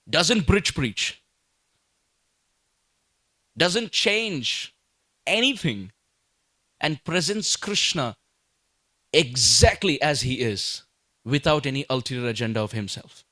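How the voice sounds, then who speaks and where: A man delivers a sermon in a somewhat high voice. He poses rhetorical questions, answers them himself, and hammers points home through repetition. The sound is dry and close. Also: expressive, slow, pauses often, sharp tone, no echo. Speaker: speaker at a devotional talk.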